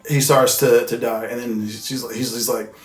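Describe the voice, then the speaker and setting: A man recaps a movie at a moderate pace, his mid-range voice barely shifting in pitch. The talk is casual, rambling and profane, packed with "like" and "you know what I mean," recorded in an echoey room with faint music.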